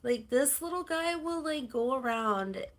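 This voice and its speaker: Host from Canada, middle-aged woman, easygoing livestream chatter, cooing baby talk to her pets, voice sitting a little high. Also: expressive, unhurried. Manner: chatty, coos softly to her cats. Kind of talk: casual livestream chat.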